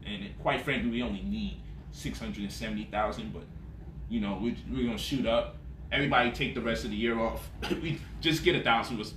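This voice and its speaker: A man's voice: on the low side, steady tone, brisk, fairly bright tone, slight background noise. A man talking as a money vlogger in a casual, boastful monologue, swaggering and profane. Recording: roomy echo, voice off-mic.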